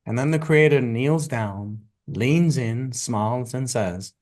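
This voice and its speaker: A man as a podcast guest, speaking emphatically and telling a parable at a slow, deliberate storytelling pace. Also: medium pitch, a little mellow. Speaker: guest, spiritual teacher. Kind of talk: podcast interview.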